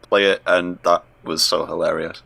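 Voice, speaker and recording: A man's voice: low voice, little pitch movement, normal speed, vocal fry, sharp tone, dry recording. A man co-hosting a casual gaming podcast, laid-back and mostly giving short replies. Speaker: podcast co-host. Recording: dry close mic.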